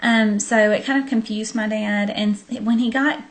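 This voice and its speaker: A woman's voice: mid-range voice, steady tone, moderate pace. A young woman with a Southern accent from Arkansas, telling a story to her viewers in a chatty, casual way with lots of ums, late at night. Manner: chatty, many ums, friendly direct address. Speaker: vlogger.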